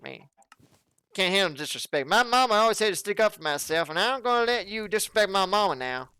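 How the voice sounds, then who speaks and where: Brief: a touchy southern hick, as a man puts him on, high, loud and indignant with a heavy drawl. Smooth voice. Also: sing-song, fast talker, no echo, heavily acted.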